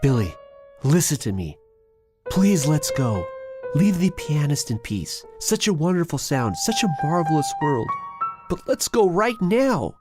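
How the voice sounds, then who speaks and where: A narrator voicing Timothy, a frightened, sarcastic boy, in a storybook reading with piano. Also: a little slow. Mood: pleading. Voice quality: high, excited and shrill.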